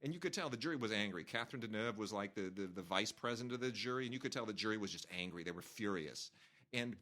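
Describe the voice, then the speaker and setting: Animated male podcast host telling stories. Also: on the low side, fast talker. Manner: animated, acts out quotes with restarts. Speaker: podcast host, film critic. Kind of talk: casual storytelling chat.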